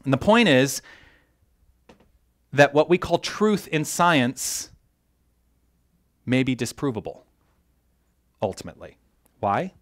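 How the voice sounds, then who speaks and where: Animated male minister giving a sermon. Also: medium pitch, slow, long pauses. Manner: animated, self-interrupting, jokes with the congregation. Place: church hall.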